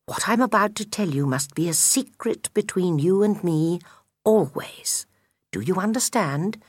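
Lady doing a gentle hushed mother goose in a storybook, husky, dry close sound. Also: fairly low pitch, expressive, measured pace, no echo, pitched above the performer's own voice. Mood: confiding. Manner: soft, confiding, partly whispered. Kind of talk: storybook reading.

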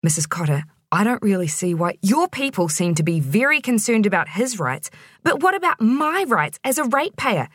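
A woman reading an audiobook, voicing an aggrieved middle-aged woman complaining on the phone in a high, insistent voice. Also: very animated, moderate pace, a bit bright, husky, dry recording, studio quality. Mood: indignant.

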